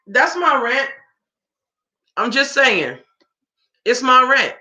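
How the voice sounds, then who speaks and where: Slow, emphatic woman ranting in a roomy space. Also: fairly high pitch, sing-song, bright, forceful tone. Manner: emphatic, rhetorical questions, informal. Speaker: political commentator. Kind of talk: reaction commentary rant. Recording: roomy echo.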